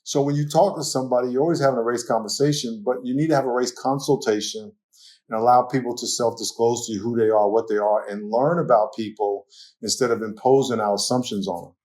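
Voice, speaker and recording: Guest pastor, New York accent, man, animated storyteller with ready laughter. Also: medium pitch, fast. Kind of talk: casual conversational interview.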